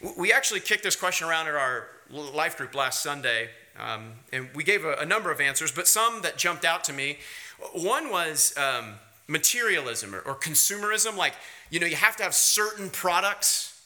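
A man preaching a sermon, hitting key words in high emphatic bursts, then easing into quiet, wry storytelling. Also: expressive, moderate pace. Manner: drops to quiet, wry storytelling with light laughs. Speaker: pastor.

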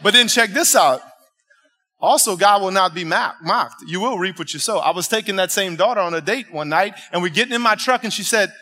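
A man preaching from the pulpit, his voice pitched high for a man and ringing bright. He tells his story with animated emphasis, checking in with the congregation as he goes, in a church sanctuary. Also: a little fast. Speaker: pastor. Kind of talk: storytelling sermon.

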